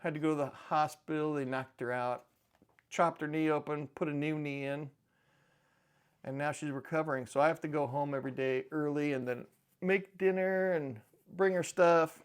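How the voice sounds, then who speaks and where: A man's voice: on the high side, steady tone, normal speed, clear, resonant tone. Rambling middle-aged man chatting to camera. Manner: rambling and offhand, dry humor. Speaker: precious metals channel host. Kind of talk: casual chat to camera.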